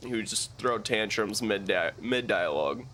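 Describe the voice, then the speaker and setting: A young man chatting casually on a live game stream, slangy and relaxed, thanking viewers with lots of fillers and restarts. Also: on the low side, normal speed, a little hiss or hum. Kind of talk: casual live-stream chat while gaming.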